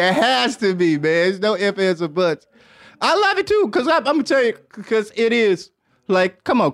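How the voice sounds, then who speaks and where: A man's voice: on the high side, no room sound, clean studio sound. Laughing, cussing man hosting a podcast. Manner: profane, laughs often, loose rambling. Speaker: podcast host. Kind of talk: casual podcast chat.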